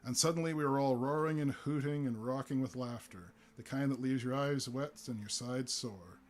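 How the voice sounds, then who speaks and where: A man of middle pitch reading a humorous story aloud live. He narrates deliberately, with a few small fillers and restarts along the way. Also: a little hiss or hum. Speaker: reader.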